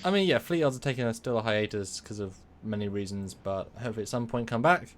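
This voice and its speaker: A man co-hosting a live stream over a video call, relaxed and easygoing, thanking donors. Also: fairly low pitch, fast talker, slight background noise. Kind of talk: casual live-stream chat.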